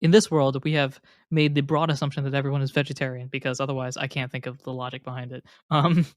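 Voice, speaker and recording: A man's voice: medium pitch, level tone, fast talker, dry recording, studio quality. A man narrating as game master, rambling and hesitant with many fillers.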